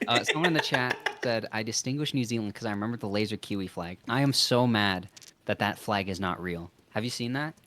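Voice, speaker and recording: A young man from Canada, a guest on a casual stream, talking bluntly and playfully with excitable energy. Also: on the low side, fairly quick, a little hiss or hum. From Ontario, Canada.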